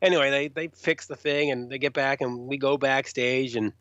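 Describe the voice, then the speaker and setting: A man telling rock stories in an interview, animated, raising his voice to act out quotes. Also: mid-range voice, moderate pace, no room sound. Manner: animated, acts out quotes in a raised voice. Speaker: rock journalist guest. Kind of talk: storytelling interview. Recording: dull, lo-fi sound.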